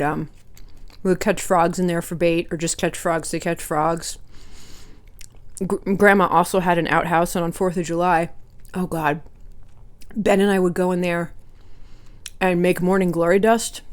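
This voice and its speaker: Chatty woman vlogger eating on camera. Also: fairly low pitch. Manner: chatty, rambling, laughs while eating. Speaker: food vlogger. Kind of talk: casual eating storytime.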